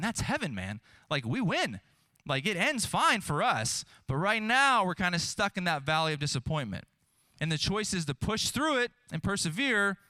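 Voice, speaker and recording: A young man preaches a sermon in a loose, conversational way, breaking off often to ask the room "right?" His pitch sits high and swings widely, and his tone is bright and forward. The sound is dry, with hardly any room echo. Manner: conversational, animated, self-deprecating; frequent asides asking the audience "right?". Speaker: pastor. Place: church hall with live audience.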